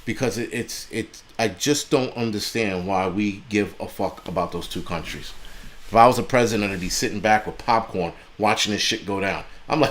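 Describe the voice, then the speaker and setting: A man's voice: lowish voice, moderate pace, a bit bright. A man hosting a livestream, ranting angrily and bluntly with heavy profanity and mocking asides. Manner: angry, blunt and heavily profane, mocking voices in quotes. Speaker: livestream host. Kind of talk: profane political rant on a livestream.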